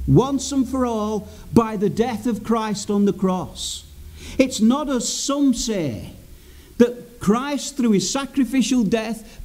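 A man's voice: high voice, mellow. A man preaching a sermon in an earnest, emphatic way, repeating key phrases for weight.

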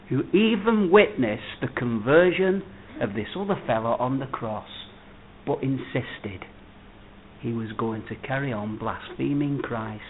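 A man preaching a sermon, emphatic, swinging between loud declarations and hushed words. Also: medium pitch, a little hiss or hum. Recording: tinny phone-like audio.

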